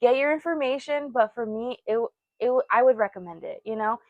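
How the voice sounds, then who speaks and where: A young woman talks through a personal story in a relaxed, chatty way, laughing often and acting out what others said. Her voice sits a little high, and the recording is dry and close. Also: a little fast, no echo, muffled recording. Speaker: podcast co-host. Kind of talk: casual chat.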